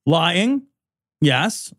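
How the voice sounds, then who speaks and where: A man's voice: on the high side, very animated, drawn-out words, a bit bright, no room sound, clean studio sound. A man co-hosting a podcast in casual chat, making joking asides. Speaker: podcast co-host.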